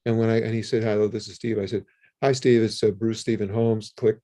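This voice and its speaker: An older man, a guest in an interview, telling a story in a casual, animated way and acting out the phone calls in it. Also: fairly low pitch, fairly quick. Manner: animated, acts out his own and others' phone calls.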